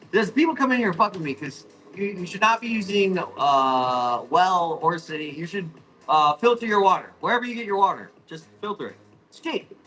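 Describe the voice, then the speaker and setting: A man hosting a live plant auction, rambling, apologizing and swearing as he hurries through his sales pitch. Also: animated, normal speed, fairly bright tone, soft background music, low-quality recording. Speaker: live-stream plant seller. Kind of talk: live auction selling chat.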